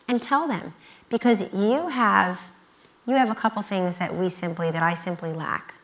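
A woman's voice: lowish voice, a little fast, low-quality recording. A woman in her fifties speaking on stage at a student conference, emphatic and repeating key phrases. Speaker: guest speaker. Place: university event stage.

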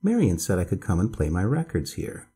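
A man's voice: low voice, wildly swooping pitch, brisk, warm tone, breathy edge, exaggerated voice. A man voicing a blunt, proud and impatient six-year-old girl in a storybook reading.

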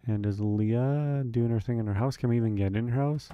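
A man's voice: medium pitch, a little fast, warm tone, clear, resonant tone, dull audio. A man casually commenting on a farming game as he plays, thinking aloud with frequent ums and questions to himself. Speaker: let's play host.

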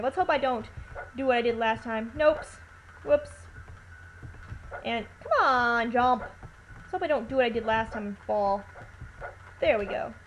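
A woman giving casual, chatty commentary over a video game, full of playful joking asides. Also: fairly high pitch. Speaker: let's play commentator. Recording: noisy home recording with hiss.

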